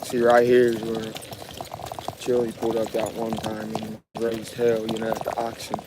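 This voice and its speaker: A man's voice: on the low side, completely flat delivery, normal speed. Man, casual livestream, rambling, restarts a lot, swears, faint background noise. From Ohio, USA.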